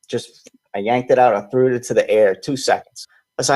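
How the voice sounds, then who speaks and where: Animated storytelling man, dry sound. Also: fast, no echo. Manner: animated, acts out quoted friends in higher voices. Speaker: podcast host. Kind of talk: casual storytelling.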